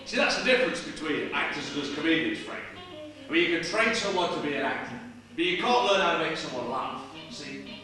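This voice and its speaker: A man's voice: fairly high pitch, animated, bright, forceful tone. A man doing a cackling joke-telling comedian on stage. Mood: joking. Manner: quick-fire gags with a chuckling laugh. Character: joking veteran male stage comedian impression. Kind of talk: stage play acting. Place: small studio theatre stage. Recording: roomy theatre sound from far off, music.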